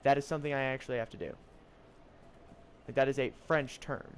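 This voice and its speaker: A man's voice: mid-range voice, fairly even intonation, a little fast, slight background noise. Chatty young man commenting on gameplay. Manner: chatty, jokes in mock French lines, reads riddles aloud. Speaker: gameplay streamer.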